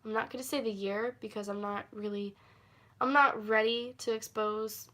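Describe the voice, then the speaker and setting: A woman with a voice pitched a little high, telling stories in a loose, rambling way on a livestream. She giggles between thoughts and leans on fillers. The delivery is casual story-time chat. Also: steady tone, normal speed, a bit bright. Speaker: livestream host.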